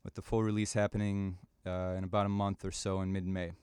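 A man from the Chicago area giving a measured, prepared talk on the radio, with occasional fillers and self-corrections. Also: sits low, flat delivery, a little mellow, smooth, no echo, studio quality. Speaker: radio presenter and publisher.

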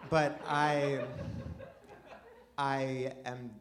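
A man doing a rambling, self-deprecating stand-up comedy set with excited outbursts, before a live audience. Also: medium pitch, very slow, background noise.

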